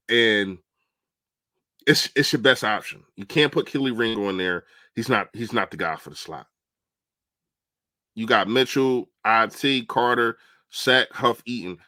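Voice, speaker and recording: A man's voice: fairly low pitch, sharp tone, dry recording. A young man on a casual football livestream, chatting animatedly and answering viewers' comments. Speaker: livestream host. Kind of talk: casual live-stream football talk.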